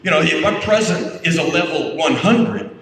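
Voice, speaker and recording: A high-voiced man tells a rowdy, profane story to a convention crowd. He mimics the other people in it as he goes. He sounds distant, caught in a long-reverberating hall with steady background noise. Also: moderate pace. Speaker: convention panel guest. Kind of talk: storytelling to an audience. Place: convention panel room. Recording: far-off echoey hall with noise.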